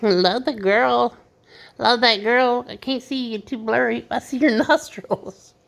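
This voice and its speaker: A woman's voice: fairly high pitch, slow, vocal fry. A grandmother talking baby talk to her toddler grandchild in a playful, coaxing, sing-song way.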